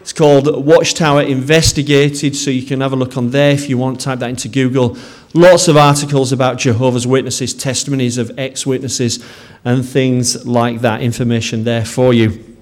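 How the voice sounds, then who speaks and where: A man's voice: medium pitch, little pitch movement, moderate pace, hardly any pauses. A man with a Yorkshire accent, a pastor speaking to a congregation in a sermon, friendly and self-deprecating with some hesitations.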